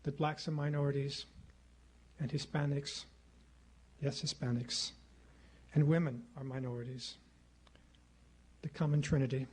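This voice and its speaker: A middle-aged man giving a formal public lecture at a podium microphone in a lecture hall, speaking in a measured, rhetorical way and repeating phrases for effect. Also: fairly high pitch, flat delivery, darkish tone, breathy edge. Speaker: guest lecturer.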